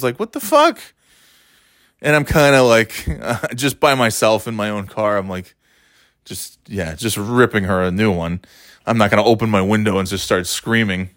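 A man's voice: lowish voice, dry recording, studio quality. A man telling a casual, swear-laden anecdote, tired and exasperated, with mocking asides. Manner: animated, swearing, mocking voices in quotes. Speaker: storyteller.

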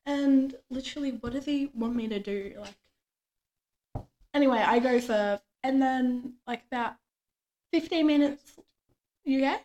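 A woman's voice: high-pitched, unhurried, long pauses, darkish tone. Chatty young woman telling work stories. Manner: chatty storytelling, acts out quoted dialogue. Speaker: podcast co-host. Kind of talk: casual chat.

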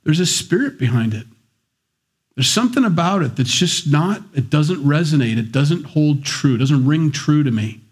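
A man's voice: a little high, expressive, moderate pace, slightly rough. Conversational male Bible teacher. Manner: conversational, wry asides, acts out voices. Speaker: pastor.

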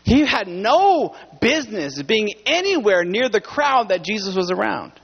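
A man with a strikingly high voice preaches in an earnest, conversational way to his church. The recording sounds somewhat dull. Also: big pitch swings, unhurried, vocal fry, breathy edge. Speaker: pastor. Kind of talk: sermon.

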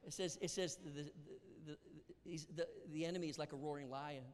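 A man preaching a sermon, animated, acting out Bible dialogue and dropping to whispers. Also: a little high, brisk, a little hiss or hum. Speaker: pastor. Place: church sanctuary. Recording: long hall reverb.

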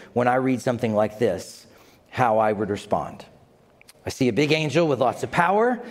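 Animated preacher man in a reverberant hall. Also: a little high. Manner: animated, dramatic preaching with asides to the congregation. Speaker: pastor. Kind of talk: sermon.

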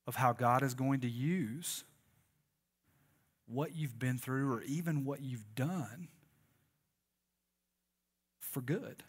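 A man's voice: mid-range voice, slow, pauses often, husky. A man preaching a sermon, conversational and joking and calling on the congregation to respond. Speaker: pastor.

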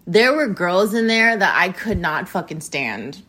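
A woman hosting her own podcast, talking in a loose, rambling monologue full of swearing and shout-outs to listeners. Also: fairly low pitch, expressive, measured pace, husky. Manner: profane, rambling, jokey. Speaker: podcast host. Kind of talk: casual monologue.

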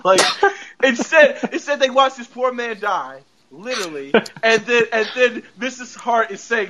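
A man hosting a podcast in casual chat, animated, laughing often and swearing freely. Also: high voice, moderate pace, a little hiss or hum, rough recording. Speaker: podcast host. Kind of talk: casual chat recapping a show.

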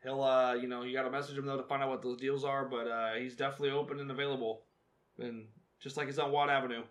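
A man in his twenties from Northern California co-hosts a podcast, telling rambling stories in casual chat, laughing often and swearing freely. His mid-range voice is fast, level in tone, and a bit bright.

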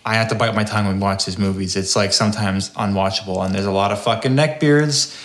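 A man's voice: lowish voice, fast. A man hosting a podcast, ranting in a profane, exasperated way during casual chat. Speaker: podcast host. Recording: roomy echo.

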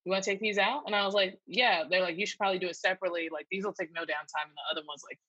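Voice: medium pitch, rapid-fire, pushed and bright, no room sound, lo-fi sound. A podcast host joking around and trading stories in casual chat. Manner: jokey, chatty, retells anecdotes with quoted voices.

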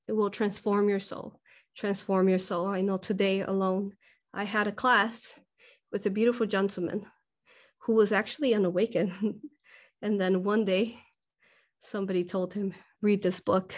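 A woman hosting a live spiritual question-and-answer talk, emotional and often laughing, a little short of breath. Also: mid-range voice. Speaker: host and hypnosis teacher.

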